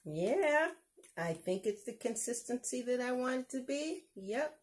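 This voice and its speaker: A woman's voice: on the high side, expressive, a little slow, fairly bright tone. A woman hosting a casual home cooking demonstration, chatty and exuberant, laughing often as she talks through each step. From United States. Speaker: cooking show host.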